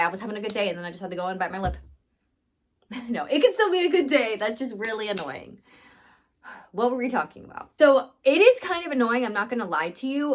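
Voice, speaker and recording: Giggly young woman telling a storytime. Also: a little high. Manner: animated, giggly, dramatic inner monologue. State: just bit her lip, bleeding. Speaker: massage therapist and vlogger. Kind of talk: casual storytime vlog. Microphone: phone camera.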